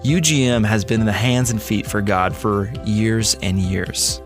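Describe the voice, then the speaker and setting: A man's voice: lowish voice, steady tone, measured pace. A male podcast host thanking his guest and leading into the next segment in a thankful, scripted way. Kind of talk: scripted segue. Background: music.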